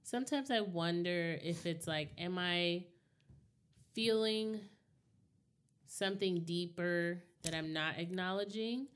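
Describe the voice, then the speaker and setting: A woman's voice: lowish voice, slow, clear, resonant tone. A woman co-hosting a casual talk, speaking candidly and reflectively and often checking in with her listener. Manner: candid, reflective, often asks "you know what I mean". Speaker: podcast co-host. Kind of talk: casual chat.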